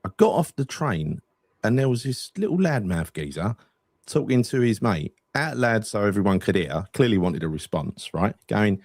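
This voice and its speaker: A man chats casually as a podcast co-host, teasing his partner and swearing freely. His voice sits on the low side, recorded dry and close with no room sound. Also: big pitch swings, normal speed, a little mellow, dry recording. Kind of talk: casual chat.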